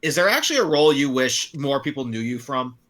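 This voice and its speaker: A man's voice: mid-range voice, sing-song, fast, fairly bright tone. A man co-hosting a casual interview show, upbeat as he asks questions and passes the turn to others. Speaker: co-host.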